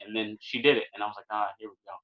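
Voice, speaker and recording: A young man from California, a podcast guest, telling a long funny story in a casual, animated way, full of fillers like "man" and "or what have you". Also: fairly low pitch, rapid-fire. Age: young adult. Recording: dull lo-fi podcast audio.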